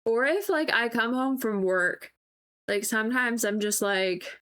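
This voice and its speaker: A woman's voice: a little high, a little slow, a bit bright. A woman chatting casually with her viewers on a live stream while she paints, rambling and breaking into giggles, with lots of "like" fillers.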